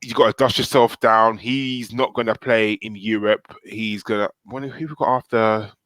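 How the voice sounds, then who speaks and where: A man's voice: on the low side, steady tone, normal speed, a bit bright, dry recording. A man speaking as a podcast panelist, blunt and insistent, repeating his points to drive them home. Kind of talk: casual live podcast chat.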